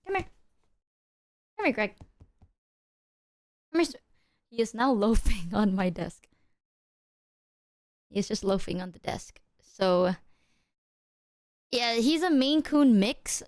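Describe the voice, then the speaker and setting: A young woman livestreaming casual chat, animated and giggly, talking to her cat at her desk mic. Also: a little high, a little slow, long pauses, dry recording, clean studio sound. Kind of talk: casual live-stream chat.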